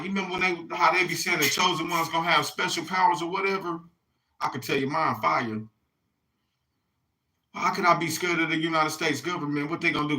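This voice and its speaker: A man vlogs to his viewers in a rambling, casual monologue, swearing freely and looping back with "you hear me". His voice sits a little high and rings bright and sharp. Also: rough recording. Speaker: vlogger.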